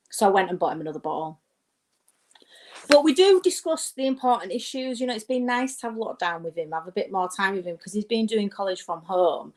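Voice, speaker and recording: A woman's voice: mid-range voice, lively intonation, fairly quick, a little mellow. A middle-aged woman delivers a stand-up set into a laptop mic at home. She talks in a chatty, rambling way, full of self-mocking asides and little checks with the audience. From United Kingdom. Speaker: stand-up comedian. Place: home during lockdown. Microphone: webcam or laptop mic.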